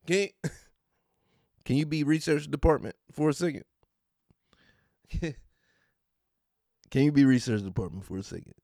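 Male podcast host, pitched a bit high, casual profane rant with a mocking tone, dry close mic. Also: expressive, measured pace, pauses often, dark tone, no room sound. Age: adult. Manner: profane, mocking, laughs often.

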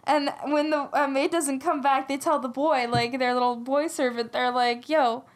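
A woman with a high voice retells a story in loose, rambling chat. Her sentences are full of fillers and asides as she goes. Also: fairly even intonation, moderate pace. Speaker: storyteller retelling a folk tale. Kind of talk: casual chat.

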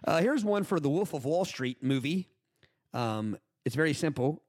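A man hosting a casual group chat, reading joke product reviews aloud in a deadpan way. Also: a little high, normal speed, no echo, studio quality. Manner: deadpan reading, breaks into laughter.

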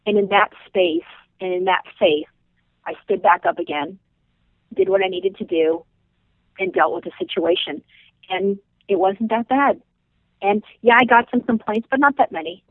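A woman's voice: mid-range voice, normal speed, long pauses, no echo. A woman guest tells her story with passion and emphatic repetition. Her voice comes through a tinny phone connection. The sound is dry, with no room around it. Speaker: business owner guest. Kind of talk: podcast interview, emotional storytelling. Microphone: phone call.

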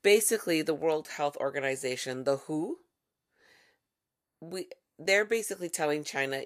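A woman's voice: low-pitched, expressive, moderate pace. A woman hosting a podcast, talking in a casual, wry monologue with playful asides. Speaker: podcast host.

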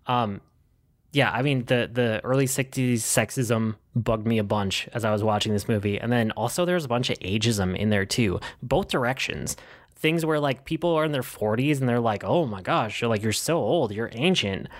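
A man co-hosting a casual movie review podcast, chatting in a relaxed way with plenty of fillers. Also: mid-range voice, normal speed. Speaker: podcast co-host.

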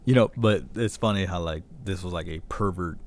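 A man's voice: low voice, brisk. A man co-hosting a casual podcast, teasing, laughing often and reading quiz questions aloud. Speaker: podcast co-host. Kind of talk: casual profane chat.

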